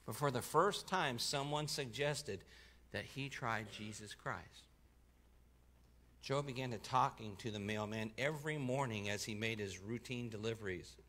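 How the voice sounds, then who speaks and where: A man preaching, telling a testimony in the first person and voicing the people in it, going quiet for the sad parts. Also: mid-range voice, measured pace, slight background noise. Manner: voices the people in the story, dropping soft for sad parts and lifting for excited ones. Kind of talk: sermon storytelling, reading a testimony aloud.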